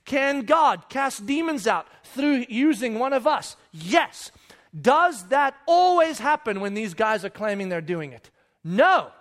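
Man, pastor, high voice, sermon, animated storytelling, conversational. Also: slow. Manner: animated storytelling, acts out disciples and Jesus with sudden loud and hushed voices; conversational, keeps checking with "right?".

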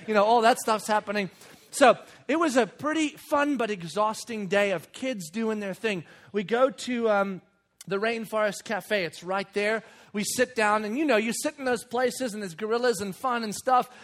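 A man, telling a lively story about his children and acting out voices with loud bursts. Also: high voice, moderate pace. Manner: animated, acts out kids and himself with loud bursts. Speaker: father and speaker. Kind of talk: storytelling talk.

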